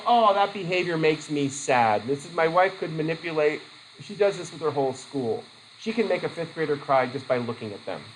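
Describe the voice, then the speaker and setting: A man's voice: a little high, a little hiss or hum, rough recording. A male teacher giving a casual classroom lecture, acting out quoted voices and laughing easily.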